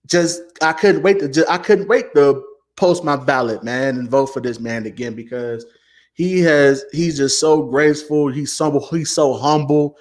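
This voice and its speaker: A man in his late twenties hosting a casual commentary show, talking with animated, heartfelt emotion, stammering and repeating "man" often. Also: on the high side, a little slow. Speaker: host.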